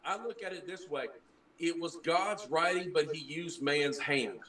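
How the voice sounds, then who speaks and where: A man's voice: fairly high pitch, unhurried, a bit bright, roomy sound, far from the mic, poor audio. A man who trained as a preacher, earnestly explaining things in a casual group chat and often restarting his words. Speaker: former preacher.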